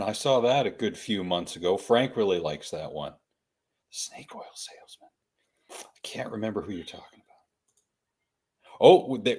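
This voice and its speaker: Mock-formal male podcast host. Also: medium pitch. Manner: mock-formal, addresses listeners as good people. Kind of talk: casual podcast chat.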